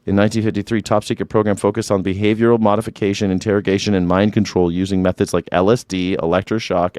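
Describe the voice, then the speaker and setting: Man hosting a news reaction show, sarcastic, profane, fairly low voice, dry close sound. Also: darkish tone, smooth, no room sound. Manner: sarcastic, irreverent, swears freely. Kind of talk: live news commentary.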